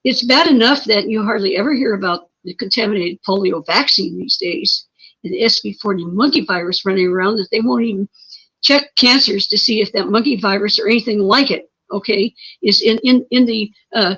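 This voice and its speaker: A woman's voice: mid-range voice, brisk, fairly bright tone, breathy edge. A woman being interviewed who tells her story emphatically, pressing her points with repeated words and rhetorical questions. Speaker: interview guest. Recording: muffled lo-fi stream audio.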